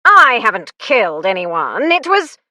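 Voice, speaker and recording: A woman's voice: fairly high pitch, very animated, measured pace, sharp tone, no room sound, voice pushed up, full character voice. A woman narrator voicing a cornered aristocratic male officer who talks urgently and blusters.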